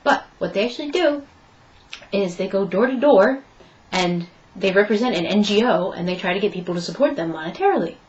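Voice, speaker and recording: A woman's voice: mid-range voice, lively intonation, a little fast, lo-fi sound, a little hiss or hum. A young woman telling a story in a casual vlog update, chatting and acting out both sides of her conversations. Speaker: vlogger.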